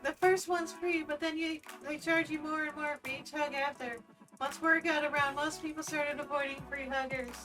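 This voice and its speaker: A streamer voicing a sly young monster woman who talks in a deadpan, conspiratorial way. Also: high-pitched, normal speed, voice pushed up, lightly acted. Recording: distant mic with game music.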